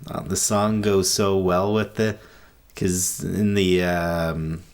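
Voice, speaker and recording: Slow, low-voiced man chatting. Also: flat delivery. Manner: laid-back, joking, swears freely. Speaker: podcast co-host. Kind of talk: casual movie chat.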